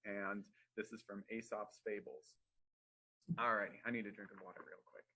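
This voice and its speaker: A young man reads stories aloud to preschool children in a bright, lively voice. There is a slight husk in his tone. He pauses to explain words and encourage his young listeners. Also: lowish voice, rough recording. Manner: animated, friendly, encouraging. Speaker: library storytime reader.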